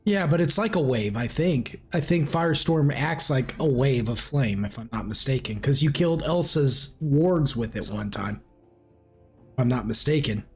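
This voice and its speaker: A man's voice: medium pitch, normal speed, faint music behind. Rambling, laughing man as game master. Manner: animated, rambling storyteller who laughs often. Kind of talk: running a tabletop game over voice chat.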